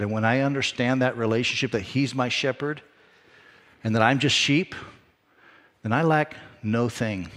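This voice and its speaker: A man preaching a sermon as a pastor, in a lively, conversational way with self-deprecating asides. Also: medium pitch, normal speed, big-room sound.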